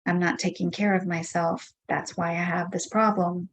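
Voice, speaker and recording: A woman leading a tapping session, speaking slow repeated affirmations about her frustration. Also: on the low side, flat delivery. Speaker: EFT tapping practitioner. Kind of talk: guided tapping script, slow repeated phrases.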